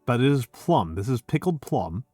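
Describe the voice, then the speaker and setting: A middle-aged man hosts a loose, boozy chat on his home stream. He rambles, swears freely and trips over his own sentences. His voice sits at a middle pitch on a dry, close recording with faint music underneath. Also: big pitch swings, moderate pace, warm tone, no room sound. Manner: rambling, profane, self-interrupting. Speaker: streamer host. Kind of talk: casual drinking stream chat.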